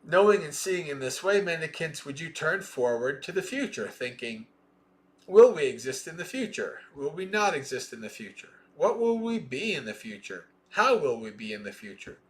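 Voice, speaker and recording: A man reading a Buddhist scripture aloud in a slow, measured way, with plain explaining asides between passages. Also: on the high side, sing-song. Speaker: Dhamma reader.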